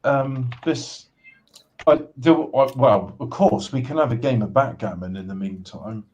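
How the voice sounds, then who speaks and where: A man hosting a casual livestream game show, talking haltingly with many restarts and dry sarcastic jokes. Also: mid-range voice, a little mellow, dull audio.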